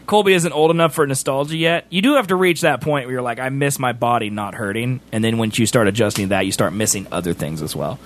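A man hosting a stream, chatting casually and teasing his co-host in a chatty, animated way. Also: medium pitch, fast talker, few pauses, slight background noise. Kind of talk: casual chat.

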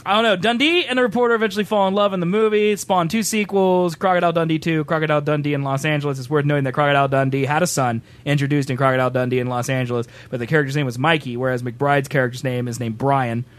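A man hosts a casual reaction stream, chatty and joking, with lots of "like". His voice sits a bit high. It is recorded close and dry, with no room sound. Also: fairly even intonation, racing, few pauses, dry recording. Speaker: streamer host.

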